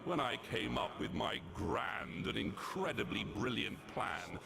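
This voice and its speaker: A gravelly demon villain. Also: male voice, lowish voice, big pitch swings, noisy background, heavily acted. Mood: scornful. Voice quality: gravelly, creaky. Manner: slow, theatrical, sneering. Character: sinister ancient demon villain, gloating and mocking.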